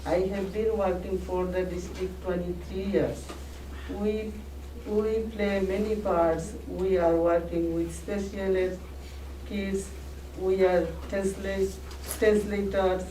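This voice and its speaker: A woman's voice: medium pitch, level tone, takes it slowly, mellow, echoey room, distant mic, slight background noise, low-quality recording. A woman preschool paraprofessional giving a careful, simply phrased public comment. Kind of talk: short prepared public comment.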